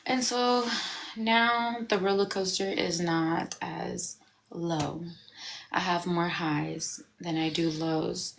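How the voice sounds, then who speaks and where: A woman's voice: on the low side, slow pace, vocal fry. Candid woman talking on a livestream. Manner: candid, animated, with bursts of laughter; reflective and confessional. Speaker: livestream host. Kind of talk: casual livestream talk. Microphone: phone.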